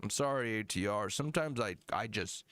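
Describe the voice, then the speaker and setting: A man's voice: on the low side, animated, brisk, a bit bright, no room sound. A man hosting a live music review stream, talking in a rambling, profane, casual way.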